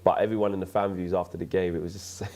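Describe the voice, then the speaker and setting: A man hosting a casual football chat, relaxed and thinking aloud with frequent restarts. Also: deep voice, fast talker. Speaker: host.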